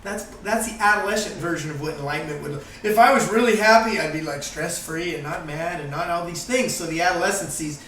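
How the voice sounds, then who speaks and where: A man talking in a casual group conversation, animated and swearing freely as he acts out quotes. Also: on the high side, brisk, few pauses, reverberant, far from the mic, slight background noise, low-quality recording. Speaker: guest, course founder.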